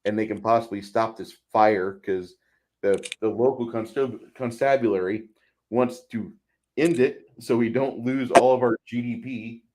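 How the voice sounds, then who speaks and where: A man with a medium-pitched, slightly mellow voice talks at a normal speed over slight background noise. He's co-hosting a podcast and chatting casually about a film, rambling, repeating words and acting out its lines.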